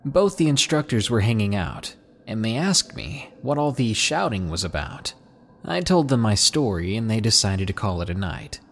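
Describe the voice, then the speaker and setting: A man with a slightly husky voice reading out submitted camping horror stories in a lively narration, dropping low and hushed at the tense moments. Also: moderate pace. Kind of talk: scripted horror story narration.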